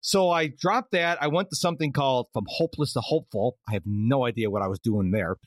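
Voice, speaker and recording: A middle-aged man hosts a podcast in a mid-range voice, talking a little fast on a dry recording. He tells stories in casual conversation, animatedly performing the voices of the people he quotes.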